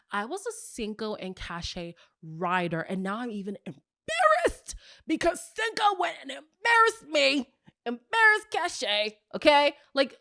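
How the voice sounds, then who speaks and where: A woman hosting a casual, gossipy recap show, telling stories in an animated way with playful hushed asides. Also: clean tone, no room sound, studio quality. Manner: animated storyteller, acts out quotes with big pitch jumps. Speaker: host of a reality TV recap show.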